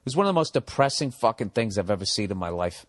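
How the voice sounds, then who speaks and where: A man's voice: on the low side, quick pace. A man hosting a podcast, ranting casually and with a lot of profanity, drifting off on comic tangents. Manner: profane, animated, goes off on tangents. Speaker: podcast host. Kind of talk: casual comedic rant.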